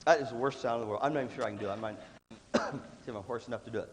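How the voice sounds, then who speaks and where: A man giving a joking, animated leadership workshop to a student audience in a large hall. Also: medium pitch. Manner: animated, joking, acts out quick voices and sudden shouts. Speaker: leadership speaker. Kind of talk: motivational workshop talk. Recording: echoey hall, faint room noise.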